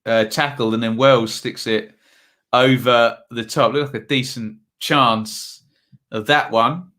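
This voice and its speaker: A man's voice: medium pitch, fairly even intonation, takes it slowly, sharp tone. A man hosting a live football watchalong stream, chatting casually and reading out viewer comments between match updates.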